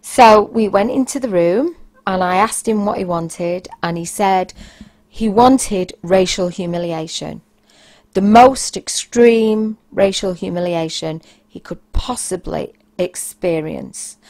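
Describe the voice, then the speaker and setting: A woman's voice: mid-range voice, slow, darkish tone. A woman, hosting a podcast and telling frank anecdotes in a casual, blunt way, sometimes raising her voice for emphasis. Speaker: podcast host.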